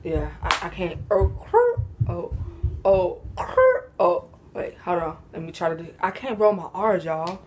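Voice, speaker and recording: A young woman talks to camera from home in a loose, slangy, giggly way. She is sleepy and yawning, and her voice sits on the lower side. A faint background hiss runs under her speech. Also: steady tone, normal speed, hardly any pauses. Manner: laid-back, slangy, giggly. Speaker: vlogger. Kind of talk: casual Q&A chat to camera.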